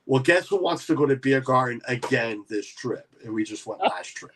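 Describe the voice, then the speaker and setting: A man's voice: medium pitch, lively intonation, moderate pace, fairly bright tone, slight background noise. A man hosting a casual livestream chat, rambling with many restarts. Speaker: livestream host.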